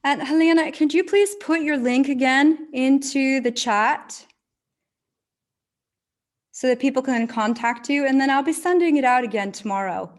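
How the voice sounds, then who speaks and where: A woman's voice: sits high, moderate pace. A woman hosting an online event on a video call, affirming speakers with short praise words. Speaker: event host.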